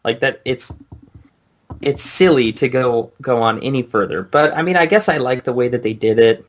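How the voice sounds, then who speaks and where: A man's voice: medium pitch, normal speed. A man co-hosting a casual podcast chat, wry and joking, with lots of short agreements. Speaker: podcast co-host.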